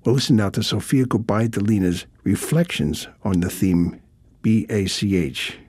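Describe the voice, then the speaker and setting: A man hosting a classical music radio program, explaining in a scripted, patient way and spelling out letters slowly. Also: fairly low pitch, darkish tone, breathy edge, dry recording.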